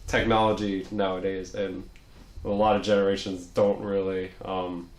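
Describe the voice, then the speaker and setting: A young man co-hosting a casual podcast, telling animated, profane stories. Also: low-pitched, normal speed. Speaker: podcast co-host. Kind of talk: casual chat. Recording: echoey room.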